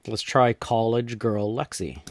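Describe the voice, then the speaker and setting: A man from North America casually walking through a software tutorial step by step, with frequent restarts. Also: on the low side, unhurried, no room sound. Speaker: tutorial host. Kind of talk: screen-recorded software tutorial.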